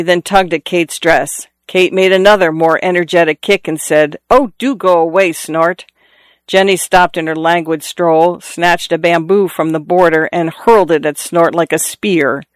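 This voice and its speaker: A man reading a novel aloud in a measured storytelling manner, lifting his voice for characters' calls. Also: clean tone, no echo, studio quality. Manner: measured storytelling, lifts pitch for quoted calls. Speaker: audiobook narrator. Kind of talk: scripted narration.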